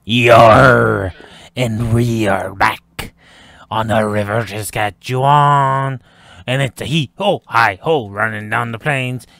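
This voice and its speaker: A man putting on a gravelly jolly pirate. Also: medium pitch, slow, a bit bright, dry recording, voice pushed down. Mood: storytelling. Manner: growls pirate yar and arr, tells rambling tales. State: throat getting scratchy. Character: boisterous male pirate from the prairies. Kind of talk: gameplay commentary.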